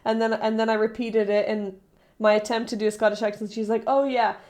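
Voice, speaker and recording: Woman streaming live, talks to chat in a loose rambly way, keeps cutting herself off, voice a bit on the high side. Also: completely flat delivery, fast talker, darkish tone. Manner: rambling and self-interrupting, chatting with viewers.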